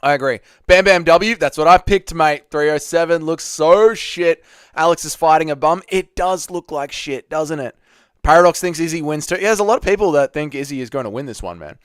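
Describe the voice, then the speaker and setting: A young Australian livestream host speaks a little high and a little fast, with a clear, resonant tone. He reads viewer comments in casual chat, greeting viewers by name and swearing without holding back. The studio sound is clean, with no echo.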